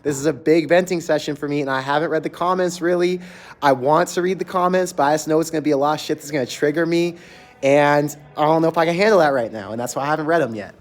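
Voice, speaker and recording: A man's voice: on the high side, fast, faint music behind. A man hosting a fan channel livestream, venting candidly with casual swearing from an empty closed restaurant.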